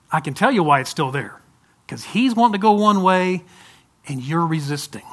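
A man preaching a sermon to a congregation, swinging from loud urging to soft, pleading asides. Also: fairly high pitch, animated, moderate pace. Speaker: pastor.

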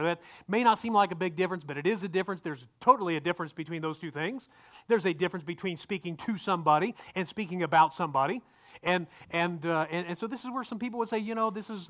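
Pastor guy with a higher voice, talking through a sermon casually, keeps asking the room stuff. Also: fairly bright tone. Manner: conversational, repeats words, asks the congregation questions.

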